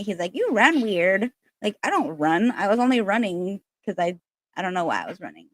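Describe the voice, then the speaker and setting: A woman hosting a casual spiritual livestream, chatting in a rambling way full of fillers, recorded on a laptop. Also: medium pitch.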